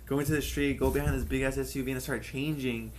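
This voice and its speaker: A man's voice: medium pitch, steady tone, quick pace. A young man tells a long story on a casual home podcast, rambling, swearing freely and acting out what others said. A faint noise sits under his voice. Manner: rambling, profane, acts out others' lines. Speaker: podcast co-host.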